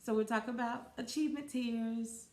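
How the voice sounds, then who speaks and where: A woman's voice: on the high side, fairly even intonation, moderate pace, a little mellow. Chatty woman host in an echoey room. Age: 40s. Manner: chatty, rambling, with fillers and self-corrections. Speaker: podcast host. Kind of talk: casual solo podcast talk. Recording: roomy echo.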